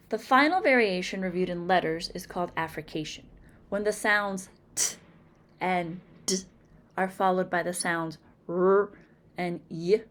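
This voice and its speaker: Teaching phonics, a woman with a Massachusetts accent carefully over-articulates example words one by one in a slow, deliberate manner. She has a mid-range voice with a fairly bright tone.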